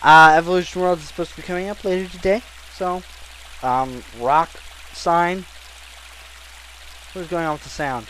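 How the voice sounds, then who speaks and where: A young man giving casual let's-play commentary, a loud, excitable talker who bursts into yelling. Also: a little high, moderate pace, pauses often, slight background noise. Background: faint game music.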